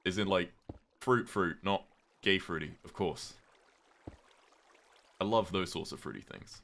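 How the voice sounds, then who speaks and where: A British man casually chatting with his viewers on a livestream, reading chat aloud, swearing freely and reacting with sudden loud outbursts. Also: low-pitched, unhurried, slight background noise. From Britain.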